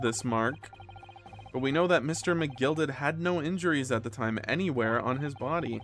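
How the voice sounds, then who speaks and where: A man's voice: mid-range voice, a bit bright. Joking male game streamer. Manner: jokey, reads lines aloud, self-correcting. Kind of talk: casual gaming commentary, reading dialogue aloud.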